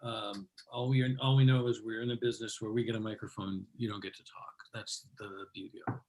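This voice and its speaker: A man's voice: on the low side, steady tone, brisk, darkish tone, slight background noise. A man hosting a comedy show over a video call, chatting loosely with plenty of fillers. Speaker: show host. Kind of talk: casual emcee chat.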